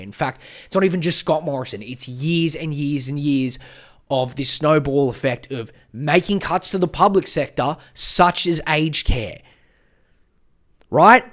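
A man hosting a podcast, ranting heatedly and profanely in a rambling, casual way. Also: mid-range voice. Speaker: podcast host. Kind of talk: casual political rant.

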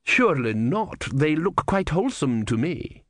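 A man voicing a cold, soft-spoken male inquisitor who talks slowly and deliberately, with silky menace. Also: a little high, big pitch swings, dry recording, clean studio sound, pitched above the performer's own voice. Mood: probing. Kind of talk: audiobook character voice.

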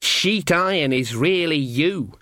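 A man's voice: on the high side, lively intonation, slow, bright, forceful tone, no room sound, clean studio sound, pitched above the performer's own voice, heavily acted. A man voicing a nervous young boy at a castle, timid and stammering, in a comic fantasy audiobook. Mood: anxious.

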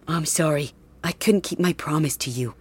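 A woman voicing a young illusionist who turns out to be an ally, calm and matter-of-fact. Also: low-pitched, normal speed, breathy edge. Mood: apologetic. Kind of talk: audio drama role-play.

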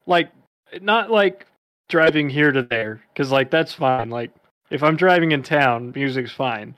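A man's voice: mid-range voice, unhurried, fairly bright tone, dry recording. A man co-hosting a casual podcast chat, rambling with lots of fillers. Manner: rambling, filler-heavy, self-mocking. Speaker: podcast co-host.

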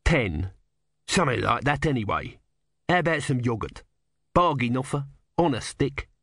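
Brief: male reader as a fast-talking hawker, wheedling and chatty, close and dry. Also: mid-range voice, expressive, a bit bright, no echo. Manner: chatty, wheedling sales patter. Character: shifty male street trader, chatty salesman.

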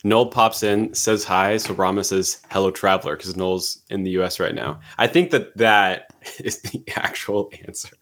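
A man's voice: on the low side, measured pace, few pauses, a bit bright. A man co-hosting a podcast in casual chat, wry and understated. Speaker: podcast co-host.

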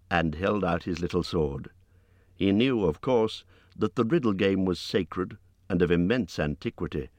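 A man narrating an audiobook in an expressive reading voice, lifting his pitch for character lines. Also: no room sound. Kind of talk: scripted narration.

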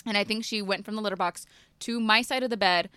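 Bright animated woman telling stories. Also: mid-range voice, fast talker, clear, resonant tone, no room sound. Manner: animated storyteller, laughs often. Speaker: podcast co-host. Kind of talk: casual storytelling chat. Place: boat.

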